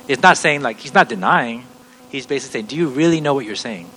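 A middle-aged man preaching in an earnest, step-by-step teaching voice that keeps circling back and restarting its sentences. His voice sits at an ordinary male pitch, with a faint hum in the background. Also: lively intonation, fast, pushed and bright, rough recording. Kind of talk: teaching sermon.

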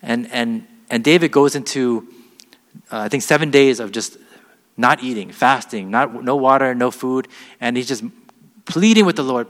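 A man's voice: medium pitch, moderate pace, a bit bright. A man preaching a sermon, reading scripture aloud with weight and then explaining it in plain, earnest words. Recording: long hall reverb.

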